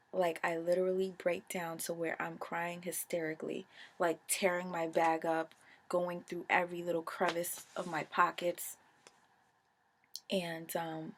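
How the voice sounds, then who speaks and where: A young adult woman vlogger telling a personal story in a casual, animated, emotional way. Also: lowish voice.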